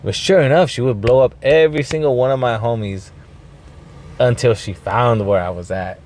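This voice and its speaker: A man hosting a podcast, telling a rambling story with lots of swearing, throat clearing and bits of Spanish. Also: mid-range voice, normal speed, a little mellow, a little hiss or hum. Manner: mixes in Spanish phrases. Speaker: podcast host. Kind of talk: casual storytelling monologue.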